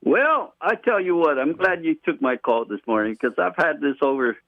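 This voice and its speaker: A man's voice: on the high side, expressive, moderate pace, no echo. Male caller on a tinny phone line. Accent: Guam. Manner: earnest, explains at length. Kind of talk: phoning in to a radio show.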